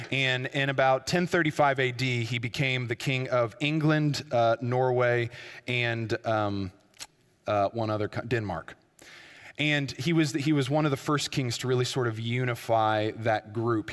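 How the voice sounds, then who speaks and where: A man's voice: mid-range voice, fairly bright tone, in a large hall. A man preaching a sermon, telling a story with frequent fillers and restarts. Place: church.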